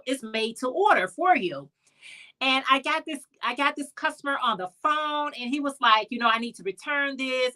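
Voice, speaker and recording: A middle-aged woman hosting a live chat, telling a story casually and acting out the people she quotes. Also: a little high. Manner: animated storyteller, acts out quoted voices. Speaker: live stream host.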